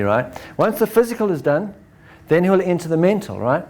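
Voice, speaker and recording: Guy giving a talk, keeps saying right?, acts stuff out, kinda high voice. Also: normal speed, few pauses. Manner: animated, acts out examples, ends points with "right?". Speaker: speaker. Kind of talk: lecture to an audience.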